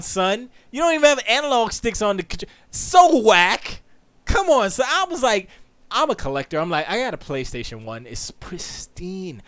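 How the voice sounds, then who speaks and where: A high-voiced man hosts a casual livestream and rants emphatically in slangy speech. His delivery is animated and direct. The recording is dry and close. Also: smooth, dry recording. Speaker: podcast host.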